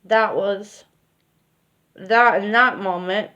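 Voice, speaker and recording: A woman's voice: mid-range voice, fairly even intonation, slow, sharp tone, muffled recording, slight background noise. A woman telling a personal story in a casual, rambling way with lots of fillers. She speaks candidly and swears now and then.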